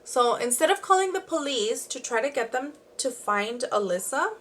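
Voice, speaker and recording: A woman's voice: high voice, animated, moderate pace. A young woman telling a true crime story in a chatty, rambling way while doing her makeup at home. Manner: chatty, rambling, with frequent "like" and asides. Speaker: beauty and true crime vlogger.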